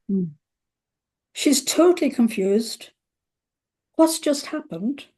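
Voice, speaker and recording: Mellow-voiced woman telling a client story. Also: medium pitch, measured pace. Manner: acts out quoted voices with lively emphasis. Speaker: therapist. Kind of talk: conversational storytelling.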